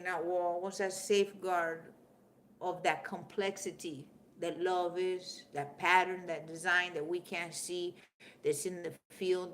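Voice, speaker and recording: A woman's voice: fairly low pitch, slight background noise. Fiery, profane woman streamer. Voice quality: profane, fiery, swings from loud to hushed. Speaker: livestream host reading viewer comments. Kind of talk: casual spiritual livestream chat.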